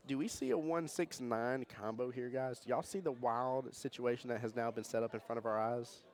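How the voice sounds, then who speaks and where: A man giving jokey, animated live commentary on a pool tournament and reading chat comments aloud. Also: mid-range voice. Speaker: pool match commentator and streamer. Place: pool hall during a tournament.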